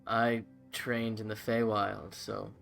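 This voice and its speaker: A sultry male messenger, put on by a man running the game, speaks low and soft straight into the mind. The tone stays bright and clear. It suits a casual tabletop voice scene. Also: little pitch movement, takes it slowly, soft background music, heavily acted. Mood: dismissive.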